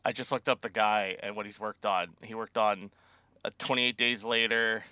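A man's voice: fairly low pitch, steady tone, moderate pace, sharp tone, smooth, dry recording. A man co-hosting a casual podcast discussion, hesitant, with plenty of fillers. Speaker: podcast co-host.

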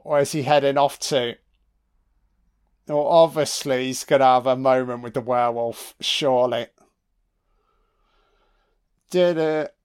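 A man talks through a film as he watches it, dropping sarcastic jokes and constant swearing. He speaks at an unhurried pace in a smooth, clear voice, with a middling pitch. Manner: sweary, sarcastic, reacting live. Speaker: film commentator. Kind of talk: audio film commentary.

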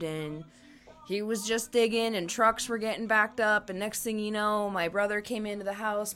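A woman's voice: medium pitch, fairly bright tone. A young woman co-hosting a podcast, telling stories in a casual, giggly way and swearing freely. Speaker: podcast co-host. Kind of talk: casual chat.

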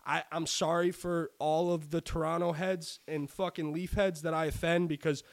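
Profane, excitable man talking sports bets. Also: a little high, moderate pace, vocal fry. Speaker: podcast co-host. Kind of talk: casual sports betting chat.

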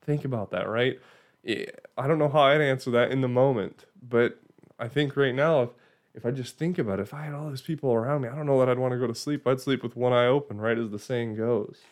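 Talking a little fast in a mid-range voice, a man teaches the Bible informally and conversationally, frequently asking "right?" and starting phrases over.

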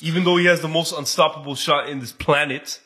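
A young man co-hosting a podcast in casual chat, animated and teasing, cursing and laughing often. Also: on the high side, brisk. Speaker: podcast co-host.

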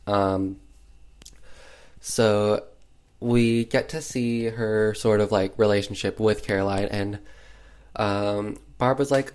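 Slow, chatty film recapper. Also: mid-range voice, fairly even intonation, darkish tone, clean tone. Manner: chatty, full of "like" and "um", sarcastic asides. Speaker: film reviewer.

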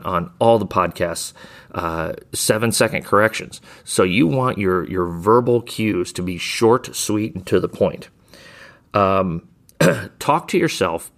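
A man's voice: deep voice, fairly bright tone. A middle-aged man, a basketball coach hosting a podcast, giving casual coaching talk with frequent restarts and repeated words.

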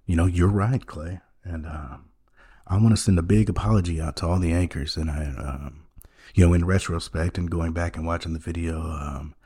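A man hosting a podcast in a rambling, mock-earnest monologue, halting often with ums and restarts. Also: low voice, mellow, husky. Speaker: podcast host.

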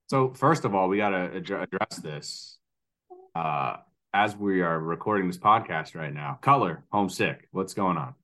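A man in his thirties with a lowish voice chats loosely, restarting his sentences and laughing easily. He drifts through his story in a relaxed, unhurried way. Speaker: podcast co-host. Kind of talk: casual chat.

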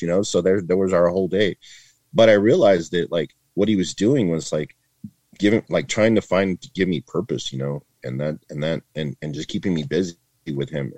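Deep-voiced and darkish in tone, this retired border agent in his fifties from Northern California spins casual stories for a podcast host. He peppers his talk with "like" and "man" and mimics the people he quotes, and the recording is dry.

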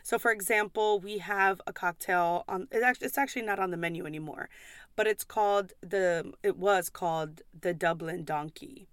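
A woman's voice: on the low side, moderate pace, a bit bright, clean tone, no echo, clean studio sound. A young woman hosting a podcast, ranting casually and bluntly about customers at the pub where she serves, swearing often and laughing in exasperation.

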